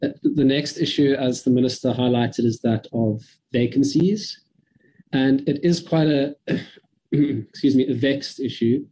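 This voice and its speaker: South african guy briefing a committee on a video call, careful and measured, kinda husky. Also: mid-range voice, mellow, rough recording. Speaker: presenter to a parliamentary committee. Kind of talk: formal briefing.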